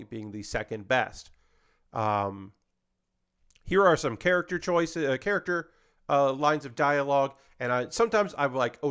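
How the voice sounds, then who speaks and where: Male comedian host, mid-pitched voice, loose and rambling, pokes fun at himself. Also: fairly bright tone. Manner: rambling, self-deprecating, chatty. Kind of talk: casual chat.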